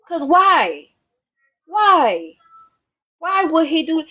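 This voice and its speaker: A woman with a high-pitched voice pours out her testimony with a preacher's fervor. She repeats key lines for emphasis and moves between low, hushed stretches and loud, soaring ones. The recording is dull and lo-fi. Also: animated, normal speed. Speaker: mother speaking out on her own channel. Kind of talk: impassioned spoken testimony.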